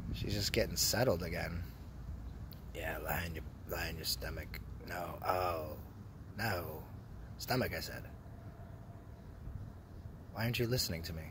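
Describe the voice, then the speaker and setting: A young man from Canada rambling crudely through a casual vlog, joking a lot and often dropping to a hushed mutter, recorded outdoors in a public spot. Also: sits low, noisy background. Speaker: vlogger.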